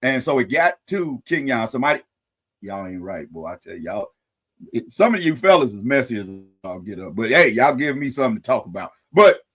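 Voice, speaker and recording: A man hosting a live-stream commentary show, talking casually to his viewers with animated delivery, folksy sayings and wry asides. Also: medium pitch, a little fast, breathy edge. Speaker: host.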